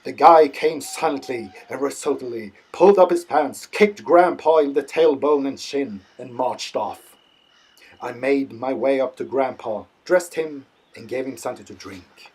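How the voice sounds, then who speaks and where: A man narrating a literary audiobook in a dry, deadpan way. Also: mid-range voice, moderate pace, husky.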